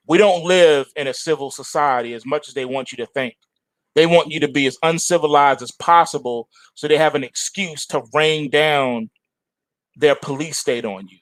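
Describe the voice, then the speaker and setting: A middle-aged man hosting a market show, delivering a forceful, repetitive opinion monologue. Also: fairly high pitch, normal speed, dry recording, poor audio. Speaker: trading show host.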